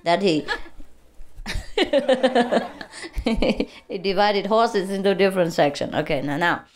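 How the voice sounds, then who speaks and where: Woman, Vietnamese accent, unhurried delivery, teasing, light background hiss. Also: medium pitch. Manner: playful, teasing, laughs often between phrases. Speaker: spiritual teacher speaking to a gathering. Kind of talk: casual talk to a live audience.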